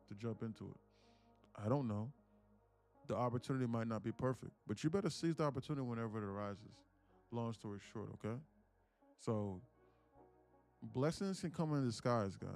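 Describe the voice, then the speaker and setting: Male livestream host, mid-pitched, casual and profane, tells stories. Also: a little mellow. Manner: storytelling, swears freely. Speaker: day trading livestream host.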